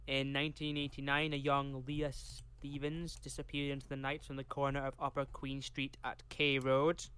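A man's voice: fairly high pitch, a bit bright, clear, resonant tone. Scottish man reading case notes. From Scotland. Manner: reads a prepared script, breaks off for chatty tangents. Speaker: podcast co-host.

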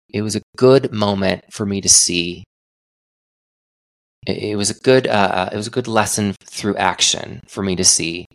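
A young man hosts a solo podcast in a very low voice with a gravelly edge. He talks earnestly and thoughtfully, often restarting his sentences as he works through his ideas. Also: dry recording, studio quality. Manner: earnest, reflective, many restarts. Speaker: podcast host.

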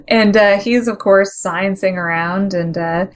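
A woman co-hosting a podcast, chatting casually, sarcastic and quick to laugh. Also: mid-range voice. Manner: joking, sarcastic, laughs often. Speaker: podcast co-host. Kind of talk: casual chat.

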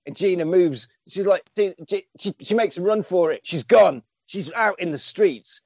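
Speaking at a moderate pace in a high-pitched voice, this podcast co-host chats casually through a movie's storyline. He performs the characters' lines with lots of energy and doesn't hold back on profanity. There's no room sound in the recording.

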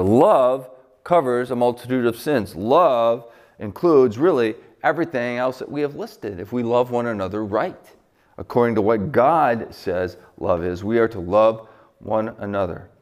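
A middle-aged man from Buffalo preaching a sermon as pastor, conversational and joking, with lively swings in pitch. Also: measured pace. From Buffalo, New York.

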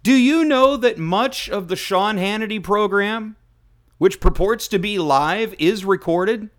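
A man's voice: sits high, unhurried. A man hosting a talk radio show, delivering a sarcastic, mocking rant. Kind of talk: opinion radio monologue.

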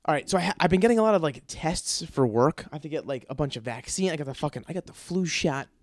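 This man, hosting his own podcast, goes on a casual comedic rant packed with profanity, grumbles, and rambling restarts. His fairly high voice is animated and quick, in a dry studio-quality recording.

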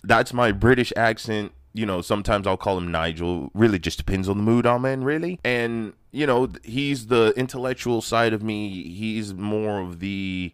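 Man, low voice, casual solo monologue, rambling and candid, dry close sound. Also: moderate pace, few pauses, clear, resonant tone, no echo. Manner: rambling, candid, sprinkled with profanity. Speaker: podcast host.

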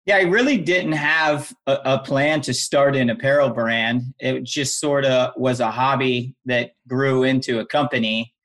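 A middle-aged man speaking as a guest on a casual interview podcast. His voice sits at a middle pitch. He tells his story earnestly and explains things step by step. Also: fairly even intonation, a little slow, few pauses, a bit bright. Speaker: guest, former Navy SEAL instructor and founder of an apparel brand.

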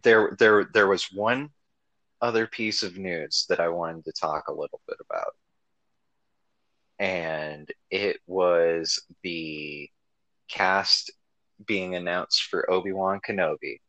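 Deep-voiced man, slow and bright-toned, excitable fan, casual podcast co-host. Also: no echo, dull audio. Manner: enthusiastic fan, swears freely. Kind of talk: casual chat.

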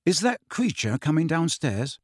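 A man's voice: fairly high pitch, sing-song, moderate pace, dry recording, studio quality. A man voicing a flustered teenage boy who speaks hastily and stumbles over his words. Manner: hasty and hesitant.

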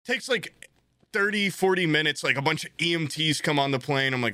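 A man in his late twenties telling a story in casual chat, animated, swearing freely and acting out what people said. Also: on the high side, a little fast, no echo, clean studio sound.

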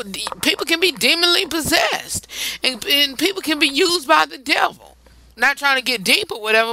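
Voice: high voice, lively intonation, moderate pace, pushed and bright, slight background noise, rough recording. A host casually reading gossip headlines and chatting to listeners with asides and laughs, sounding a little tired. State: tired, yawning. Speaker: host of a news and gossip segment.

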